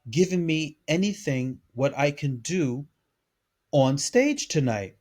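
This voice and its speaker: Male podcast co-host, casual storyteller, lively quoted voices, fairly high voice. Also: takes it slowly. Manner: animated, acts out quoted voices with pitch jumps.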